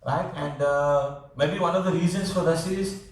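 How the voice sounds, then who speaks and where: A man's voice: fairly high pitch, normal speed. A man teaching a class in a conversational way, repeating words and checking that students follow. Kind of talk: classroom lecture. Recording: echoey classroom, voice from far off.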